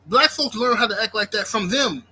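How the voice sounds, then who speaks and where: Bright-voiced man ranting on a livestream. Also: high voice, animated, normal speed, breathy edge, rough recording. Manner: ranting, repeats himself, reads chat aloud. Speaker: YouTube livestream host. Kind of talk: casual livestream rant.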